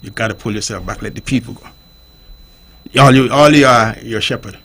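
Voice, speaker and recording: A man talks on call-in radio. His voice is gravelly and a bit husky. He makes his points like a teacher and keeps asking whether the listener follows. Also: on the low side, normal speed, a bit bright.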